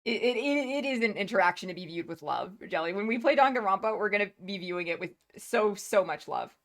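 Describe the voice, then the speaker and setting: A woman's voice: mid-range voice, animated. Woman streamer just chatting, gushes over stuff, stumbles and restarts a lot, laughs easy. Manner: gushing, rambling, quick to laugh, frequent restarts. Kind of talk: casual live-stream chat.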